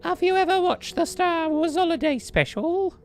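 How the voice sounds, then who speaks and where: A man doing an exaggerated impression of a woman from the north of England, shrill and overdone. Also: lively intonation, normal speed, faint music behind. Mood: mocking. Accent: Liverpool-style imitation.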